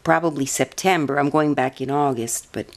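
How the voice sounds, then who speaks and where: A soft-spoken woman with a fairly low voice, telling a long personal story to her audience. She meanders, corrects herself mid-sentence and laughs often as she goes. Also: normal speed. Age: adult. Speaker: vlogger.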